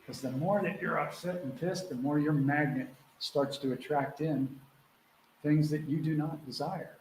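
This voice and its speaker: Over a video call from an echoey room with faint background noise, a man acts as a spiritual mentor hosting live questions and answers. His darkish voice is a little high, fairly even in intonation and a little slow; he's casual and earnest, acts out quotes, and swears freely.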